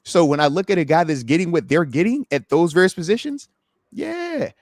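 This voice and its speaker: A former NFL player appearing as a guest analyst talks football passionately on a live podcast. His voice is somewhat high, animated, and quick, captured in dry, studio-quality sound, and he acts out the voices of players and fans.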